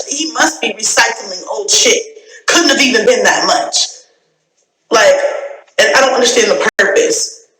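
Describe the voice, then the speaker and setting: A woman's voice: on the high side, pushed and bright. Profane fed-up woman ranting in a roomy space. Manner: profane, repetitive, fed-up venting. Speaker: YouTuber. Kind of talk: angry rant vlog. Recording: roomy echo.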